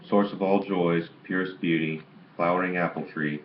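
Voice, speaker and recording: Old grandmother praying fervently, man reading her in a low voice, faint hiss. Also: fairly even intonation, normal speed, echoey room, lo-fi sound, lightly acted. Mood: fervent prayer. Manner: praying fervently, shouting warnings. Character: pious fiery old grandmother.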